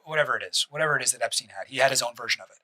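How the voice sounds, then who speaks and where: Guy ranting on his stream, talks super fast, bright edgy voice, keeps restarting, swears a lot. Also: medium pitch, rough recording. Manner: rambling, many restarts and asides, blunt swearing. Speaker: streamer reacting to a deposition. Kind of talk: casual reaction commentary.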